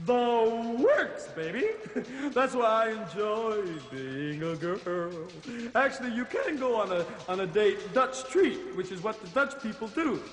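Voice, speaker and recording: A man's voice: sits high, very animated, a little slow, reverberant, big-room sound, soft background music. A man playing a vain, flirty woman who gives advice, in a brash, giggly sketch-comedy manner. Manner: brash and giggly, with cackling laughs.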